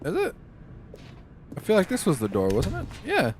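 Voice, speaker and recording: A man giving excitable, reactive live commentary while playing a game. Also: high-pitched, moderate pace, noisy background. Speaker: streamer.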